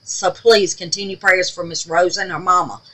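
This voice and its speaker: A woman's voice: on the low side, fairly even intonation, moderate pace, pushed and bright, rough recording. An older woman hosting a crafting video, chatting to viewers in a rambling, affectionate way, calling them baby and darling and teasing herself for forgetting things. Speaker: crafting channel host. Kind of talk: casual chat to viewers.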